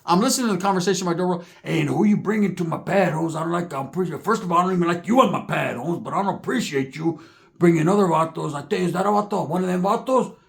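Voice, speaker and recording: A man's voice: sits high, fast, creaky. A man telling a comedic story in slangy street talk, acting out the people in it. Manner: slangy, animated, acts out other characters' voices.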